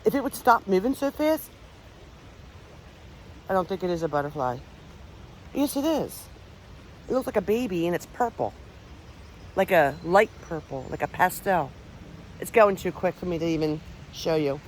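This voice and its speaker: A woman's voice: fairly low pitch, expressive, normal speed, pauses often, slight background noise. Woman rambling on a trail vlog, chatty, keeps getting sidetracked, swears a bit. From Pennsylvania, USA. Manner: chatty, rambling, easily distracted, swears casually. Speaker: paranormal vlogger. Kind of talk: casual walking vlog. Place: outdoors on a park trail.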